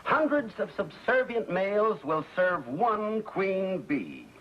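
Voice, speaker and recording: Bumbling 1950s sitcom dad, pompous and animated, old dull TV sound. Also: male voice, sits high, takes it slowly, a little hiss or hum, full character voice. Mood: grumbling. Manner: flustered, then pompously speechifying. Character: bumbling middle-aged suburban husband and father. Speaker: sitcom actor.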